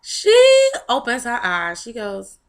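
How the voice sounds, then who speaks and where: A woman's voice: on the high side, huge pitch swings, takes it slowly. A young woman vlogger telling a personal story candidly and emotionally, with frequent fillers. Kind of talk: personal testimony vlog.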